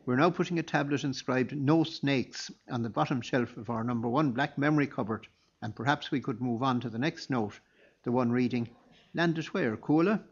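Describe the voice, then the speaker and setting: Brief: a man playing a polite practical guest, husky, muffled recording. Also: medium pitch, moderate pace, close to an everyday voice. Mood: courteous.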